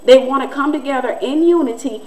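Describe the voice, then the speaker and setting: A woman, preaching in a conversational, animated way and acting out the voices she quotes. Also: sits high, brisk, poor audio. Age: 40s. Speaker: Christian teacher and host. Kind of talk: preaching-style teaching talk.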